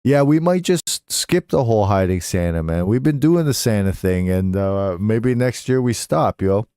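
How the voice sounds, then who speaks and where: A man's voice: lowish voice, lively intonation, normal speed, dark tone, clean tone, no room sound, studio quality. A young adult man telling stories casually on a live stream, swearing freely and slipping into voices when he quotes people.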